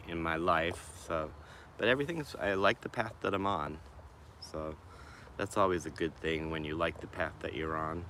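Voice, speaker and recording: Low-voiced Boston man chatting outdoors. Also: pushed and bright, slight background noise. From Boston, USA. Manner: rambling, greeting chat viewers by name. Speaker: vlogger livestreaming. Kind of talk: casual livestream chat. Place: small wooded patch in a city, outdoors. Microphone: phone on a selfie stick.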